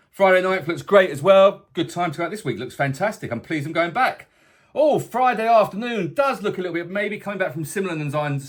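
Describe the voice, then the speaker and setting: Chatty, slightly high-voiced man giving a forecast. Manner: chatty, jokey asides. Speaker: boat tour company presenter. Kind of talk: casual weekly weather forecast vlog. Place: indoors, away from the tour base.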